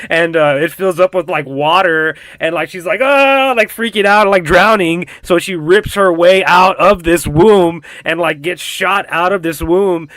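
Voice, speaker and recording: A man casually recapping a TV episode for his channel, telling it in a profane, animated way with lots of fillers. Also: fairly high pitch, no echo. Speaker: reaction channel host.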